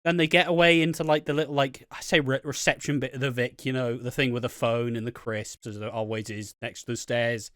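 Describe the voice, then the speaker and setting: A British man co-hosting a podcast, recapping a soap episode in casual, excitable chat, swearing a lot and acting out the characters' lines. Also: mid-range voice, fairly quick, hardly any pauses, no echo, studio quality. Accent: British English. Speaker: podcast co-host.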